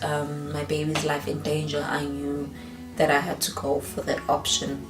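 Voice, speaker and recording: Slow, soft-spoken woman telling a story. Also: deep voice. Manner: slow, hesitant, with many pauses and fillers. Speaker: vlogger. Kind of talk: emotional storytime vlog. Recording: roomy echo, a bit off the mic, faint music.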